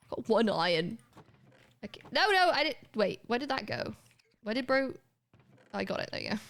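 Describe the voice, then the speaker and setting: A woman's voice: medium pitch, normal speed, creaky. Chatty young woman streaming a game. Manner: chatty, laughing, swears, talks to chat. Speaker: live streamer. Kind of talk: casual gaming livestream chat.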